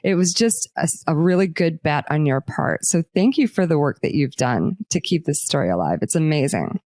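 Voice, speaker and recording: A woman's voice: low voice, big pitch swings, moderate pace, dark tone, no echo. Woman book club host, chatty and loose, dry close sound. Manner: chatty with many fillers. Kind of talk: casual interview.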